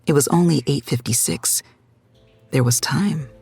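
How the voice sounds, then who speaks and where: A woman reading a scripted story as narrator, in a steady, measured way, close to the microphone. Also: low voice, creaky, slightly rough, faint music behind. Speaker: audiobook narrator.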